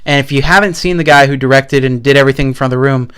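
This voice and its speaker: A man's voice: mid-range voice, fast, a bit bright, smooth. A young man co-hosting a podcast, telling rambling stories in casual chat with plenty of fillers and swearing. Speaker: podcast co-host.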